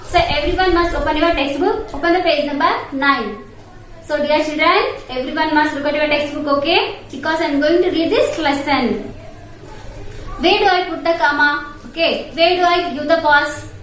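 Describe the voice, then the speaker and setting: This Indian English-accented primary school teacher has a voice that sits high and a bit bright. Teaching little kids English online, she slowly spells out words letter by letter and repeats them. Her recording has room echo, a far-off mic, and faint noise.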